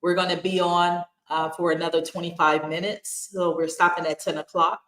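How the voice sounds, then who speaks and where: A woman's voice: fairly low pitch, level tone, moderate pace, fairly bright tone, roomy sound, slight background noise, low-quality recording. A woman hosting a live stream, telling viewers to like, comment and join. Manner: direct, gives viewer instructions.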